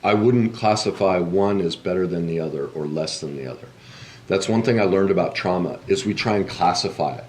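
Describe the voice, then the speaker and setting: A man's voice: low voice, brisk, darkish tone, slight background noise. A man speaking as a relationship coach in a podcast interview, explaining things in an earnest, emphatic way.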